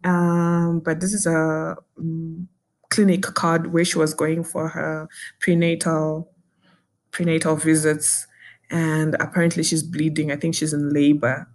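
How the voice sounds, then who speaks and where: A young Zimbabwean woman with a slightly low voice tells her own story in an intense, indignant way. She slips between English and Shona as she talks. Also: little pitch movement, measured pace. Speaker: podcaster recounting a personal ordeal. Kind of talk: emotional personal storytelling.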